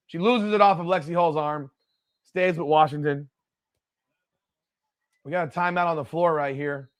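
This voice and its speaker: A man's voice: fairly high pitch, a bit bright. A man hosting a live watch party, calling plays and heckling players with blunt, cursing commentary.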